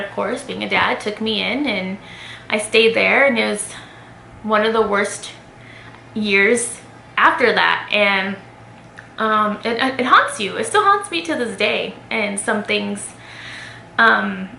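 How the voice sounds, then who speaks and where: A woman's voice: medium pitch, pushed and bright. A young adult woman vlogger telling a personal story to her viewers in a candid, conversational way, full of fillers. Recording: echoey room with faint noise.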